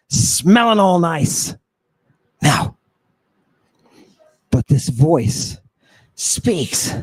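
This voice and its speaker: Fiery male lecturer, high voice, unhurried delivery, provocative and full of rhetorical questions. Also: a little mellow, no room sound. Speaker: host and lecturer. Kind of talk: impassioned lecture on ancient texts.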